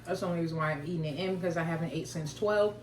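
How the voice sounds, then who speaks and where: A woman's voice: lowish voice, very fast, darkish tone, reverberant, far from the mic, a little hiss or hum. A woman vlogger telling a casual story while eating, in a chatty, slangy way.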